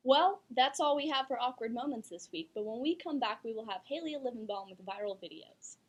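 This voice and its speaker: A young woman with a high, bright voice co-hosts a casual talk segment. She gushes and giggles, leaning on "like" as she chats. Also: fairly quick, a little hiss or hum. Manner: giggly, gushing, lots of "like". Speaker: co-host. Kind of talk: casual chat.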